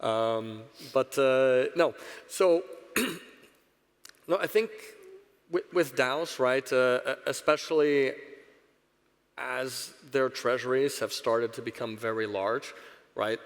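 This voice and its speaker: Man, panelist, halting with restarts, keeps asking "right?", echoing conference hall. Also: medium pitch. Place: conference stage in a large hall. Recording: reverberant hall.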